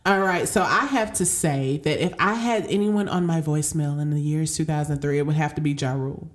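Playful low-voiced woman podcast co-host. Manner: playful, drawn-out, addresses listeners directly. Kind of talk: casual chat.

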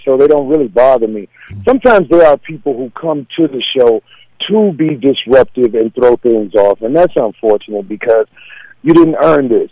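A man's voice: medium pitch, expressive, normal speed, dry recording, lo-fi sound. A man, a comedian, talking casually in an interview, confident and laid-back as he tells stories. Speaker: comedian guest.

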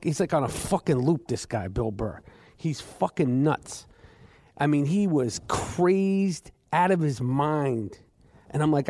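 Male podcast host, dark mellow tone; profane, mock-insulting comic rant. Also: fairly high pitch, no room sound. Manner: loud, swearing, mock-insulting.

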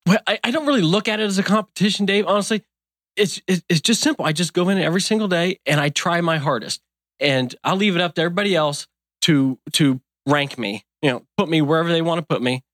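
A man's voice: on the high side, fast talker, fairly bright tone, dry recording, studio quality. A man in his fifties who owns a donut shop, talking in a casual interview in an earnest, folksy, rambling way. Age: 50s.

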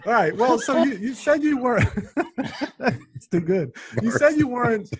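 A man's voice: very high-pitched, animated, a little slow. A man hosting a podcast who laughs easily and asks long, winding questions. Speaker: podcast host. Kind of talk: interview questions.

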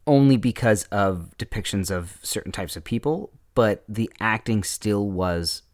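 A man's voice: fairly low pitch, expressive, unhurried, no room sound, clean studio sound. A man co-hosting a podcast, talking conversationally about an old film and adding facts to the chat. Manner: conversational, agreeable, adds facts. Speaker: podcast co-host. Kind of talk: casual film discussion.

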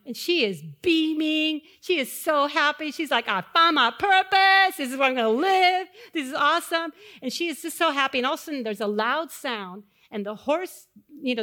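A middle-aged woman preaching a sermon, telling personal stories to the congregation and swelling louder on key phrases. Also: fairly high pitch. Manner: personal storytelling addressed to a congregation.

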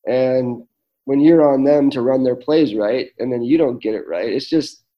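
A man's voice: medium pitch, moderate pace, lo-fi sound. A man, telling personal stories as a guest in a conversation, earnest and full of fillers and restarts. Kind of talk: reflective storytelling in conversation.

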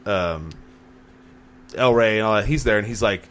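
A young adult man, a podcast host, chatting casually and telling lively stories with acted-out quotes. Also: fairly low pitch, normal speed. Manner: animated storyteller, acts out quotes. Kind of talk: casual chat.

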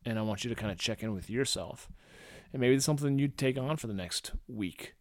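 Brief: relaxed male podcast host from St. Louis, chatty, mid pitch, dry close sound. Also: brisk, no echo. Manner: loose and conversational, many fillers, acts out quoted voices. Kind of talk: casual solo podcast talk.

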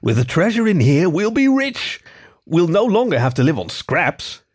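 A man voices a tall, greedy male fennec fox robber, pitching himself above his own natural voice into an eager, sing-song tone that's fairly high. He speaks at a moderate pace in a clean, dry studio recording.

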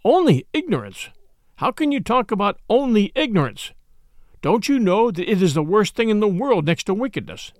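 A man's voice: sits high, animated, fairly quick, few pauses, a little mellow, no room sound, clean studio sound. A man voicing an earnest adult groom who speaks with grieved, indignant reproach.

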